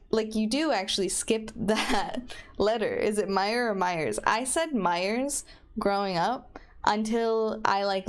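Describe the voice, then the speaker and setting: Chatty Michigan woman streamer. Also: medium pitch. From Michigan, USA. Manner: rambling and chatty, plays with her own pronunciation. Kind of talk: casual chat while gaming.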